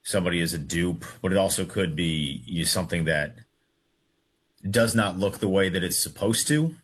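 A man in his thirties playing along in a radio quiz segment, hesitant and thinking out loud. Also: low voice, normal speed, slightly rough. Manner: hesitant, thinks aloud with fillers. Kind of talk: casual sports radio chat.

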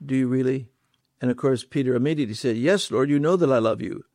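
A man's voice: medium pitch, quick pace, darkish tone, no echo, clean studio sound. A man preaching a sermon, stressing points with repeated words and rhetorical questions.

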